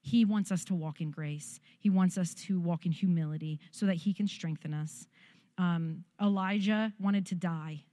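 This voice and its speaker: Woman pastor preaching warmly and directly. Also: on the low side, no room sound, clean studio sound. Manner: conversational, encouraging, direct to the congregation. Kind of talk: sermon.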